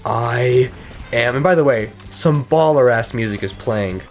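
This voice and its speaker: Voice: mid-range voice, lively intonation, moderate pace, a little mellow. Rambling, cursing gaming co-host over game music. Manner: rambling, profane, retells a film with quoted voices. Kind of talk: casual let's-play chat.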